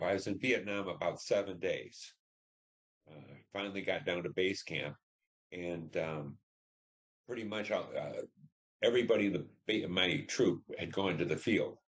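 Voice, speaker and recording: A man in his seventies from Detroit, a veteran telling war memories in an oral history interview, halting and reflective with many fillers. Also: low voice. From Detroit, Michigan.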